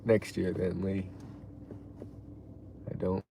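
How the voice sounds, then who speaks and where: A man with a low, gravelly voice chats casually on a live stream, answering viewers in a relaxed, meandering way. Faint noise hums behind him. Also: takes it slowly. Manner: laid-back, trails off, reacts loudly to donations. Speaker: live streamer reading chat.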